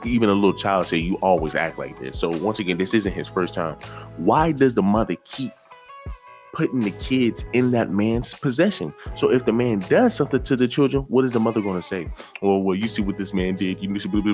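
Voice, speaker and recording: A man giving reaction commentary in a preachy way, repeating himself and asking rhetorical questions. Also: on the low side.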